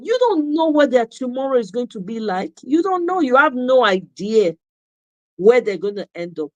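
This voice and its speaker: High-voiced Nigerian woman ranting. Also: sing-song, normal speed, no room sound, highs cut off. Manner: emphatic, mixing Pidgin asides and repetition. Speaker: commentator. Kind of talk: passionate monologue.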